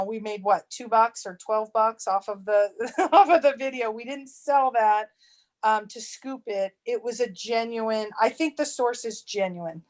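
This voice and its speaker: A woman co-hosting a casual livestream chat, rambling with restarts and quick to laugh. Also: a little high. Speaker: treasure hunt channel co-host.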